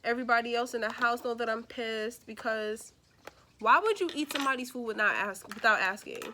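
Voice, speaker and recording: A young woman vlogger chatting casually through a storytime as she does her makeup, lively and expressive, acting out the people in her story. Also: on the high side, fairly quick, a little hiss or hum. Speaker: beauty vlogger.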